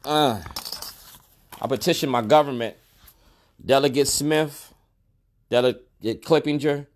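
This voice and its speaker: A man's voice: medium pitch, unhurried. A middle-aged store owner speaking straight to the camera in a protest monologue, colloquial and emphatic, repeating his key lines. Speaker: store owner and activist vlogger.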